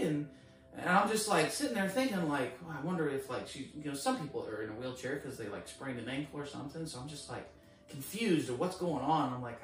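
A man recounts a story in casual chat, playing out both sides of the exchange himself. His voice sits a little high, and his excitement climbs as he goes. He is recorded from a distance in a very echoey room. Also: fairly quick, faint music behind. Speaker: guest.

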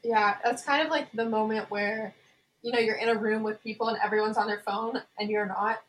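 A woman's voice: a little high, brisk, a little hiss or hum, rough recording. A young woman co-hosting a podcast, chatting casually and agreeing often with short replies. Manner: relaxed, agreeable, short affirmations. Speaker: podcast co-host. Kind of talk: casual chat.

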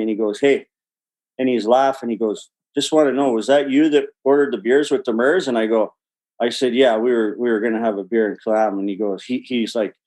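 A man spins a meandering anecdote full of swearing and small laughs. His voice sits at a plain middle pitch. He talks as an interview guest looking back on his playing days. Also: darkish tone, low-quality recording. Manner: rambling, profane, laughs mid-story. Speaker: guest, former hockey player. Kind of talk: casual storytelling.

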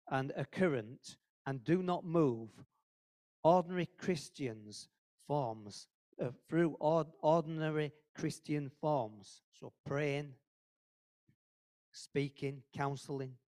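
A lay preacher gives an informal, earnest sermon at a church meeting, speaking conversationally and repeating phrases for emphasis. His voice is fairly high-pitched with a warm tone.

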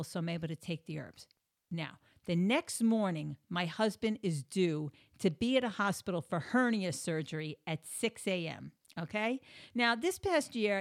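A middle-aged woman, a yoga therapist, telling a personal story casually and acting out the dialogue with sudden loud bursts. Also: mid-range voice. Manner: animated, acts out dialogue with big swings in loudness.

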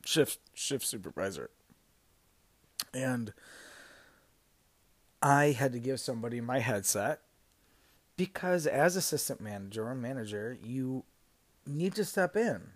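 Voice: medium pitch, animated, takes it slowly, long pauses. Podcaster in their 30s rambling thru a work story, lots of ums and swearing. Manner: rambling, swearing, many fillers and self-corrections. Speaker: podcast host. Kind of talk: casual storytelling.

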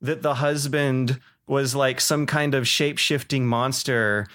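A man co-hosting a casual games podcast, telling stories with lively bursts of excitement and frequent laughter. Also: mid-range voice, measured pace. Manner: animated storyteller, laughs often. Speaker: podcast co-host. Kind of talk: casual chat about games.

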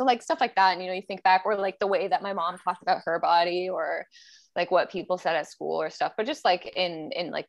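A woman's voice: fairly low pitch, creaky, muffled recording. A woman co-hosting a podcast, talking in a reflective, casual way and laughing often. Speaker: podcast co-host. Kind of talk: casual chat.

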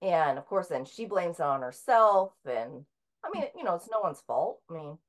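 A middle-aged woman with a fairly low voice talks as a guest in a relaxed interview. She tells her story in a loose, conversational way, often pausing on filler sounds and restarting her sentences.

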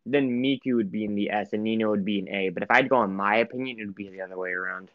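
A man's voice: on the low side, very fast, dry recording, highs cut off. A young man in a casual group chat, opinionated and insistent, often cutting in to make his point.

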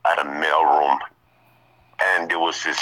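A man in his thirties telling stories in a casual, animated way. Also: rumbling low, a little slow, rough recording. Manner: animated storyteller. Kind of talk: casual storytelling.

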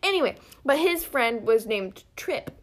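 Giggly high-voiced young woman telling a story. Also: unhurried, heavy background noise. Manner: animated, giggly, acts out quotes. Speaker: podcast co-host. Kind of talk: casual storytelling chat. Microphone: phone held close.

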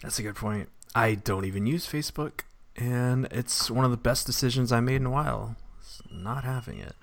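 A man hosting a casual interview podcast, chatty and quick to laugh. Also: mid-range voice. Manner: laughs easily, loose and chatty. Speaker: podcast host.

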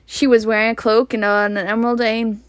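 A woman reading a storybook aloud, halting and rereading words she stumbles on. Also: on the high side, flat delivery, smooth, no room sound, clean studio sound.

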